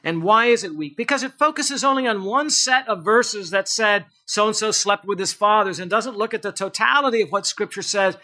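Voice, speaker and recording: A man preaching a sermon as a pastor, asking the congregation questions and swinging between emphatic lines and quiet low asides. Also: moderate pace, hardly any pauses.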